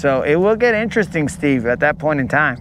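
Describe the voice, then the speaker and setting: A man's voice: on the high side, very animated, a little fast, noisy background. A man chatting and joking with his live viewers while fishing from a boat on a lake. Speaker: fishing livestreamer. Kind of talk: casual live-stream chat.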